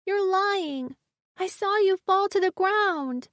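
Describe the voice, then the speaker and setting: A frightened little girl speaks in a high, trembling voice that stays close to tears, as a woman narrator puts her on. She talks earnestly, and the sound is dry and close. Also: slow pace, fairly bright tone, dry recording, full character voice. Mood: tearful.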